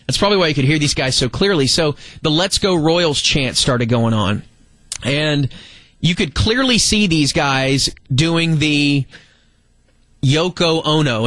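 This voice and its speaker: A man hosting a sports radio show, telling a story in casual, animated banter from the studio. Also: fairly high pitch, no room sound. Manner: animated storyteller, mimics fans' shouts. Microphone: studio microphone.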